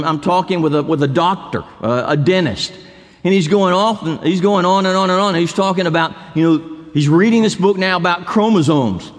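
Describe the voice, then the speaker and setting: A male pastor preaching a sermon in a church sanctuary, building to emphatic repetition. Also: sits high. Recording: long hall reverb.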